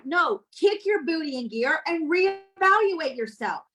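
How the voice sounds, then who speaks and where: A woman's voice: very high-pitched, animated, measured pace, a bit bright, low-quality recording. A woman leading her sales team with a blunt, scolding and motivational manner, talking directly to her listeners. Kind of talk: motivational sales coaching talk.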